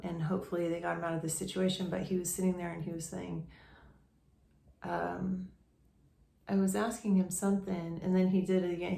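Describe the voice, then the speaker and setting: Young woman vlogger, low gravelly voice, rambling casual storyteller, echoey room. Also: a little mellow. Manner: rambling, many restarts and fillers.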